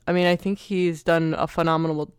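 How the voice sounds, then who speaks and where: A man's voice: on the high side, fairly quick, clean tone, no room sound, studio quality. A man co-hosting a podcast, talking casually with fillers and restarts. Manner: relaxed, filler-heavy, self-correcting. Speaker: podcast co-host. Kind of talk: casual chat.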